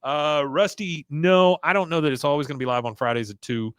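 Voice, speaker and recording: A man hosting a podcast, casually recapping a cartoon episode with animated retelling. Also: fairly high pitch, brisk, smooth, no echo. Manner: animated retelling, chuckling asides. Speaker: podcast host.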